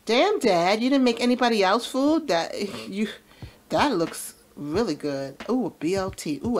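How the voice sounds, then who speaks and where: A woman hosting a let's play, chatting casually and animatedly as she comments on her game. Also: on the high side. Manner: chatty, animated, laughs often. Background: faint music.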